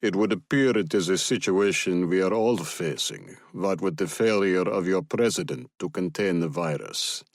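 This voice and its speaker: A man voicing a guarded Russian special forces officer with a Russian accent, curt and measured. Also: deep voice, creaky, no room sound, studio quality.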